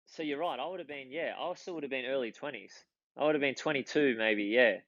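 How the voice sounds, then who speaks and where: An Australian man in his thirties tells long rambling stories in casual chat and often restarts his sentences. His voice is mid-pitched. The recording is dry and a little dull. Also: quick pace, fairly bright tone, no echo. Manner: rambling anecdotes with many restarts. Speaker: podcast guest, former footballer.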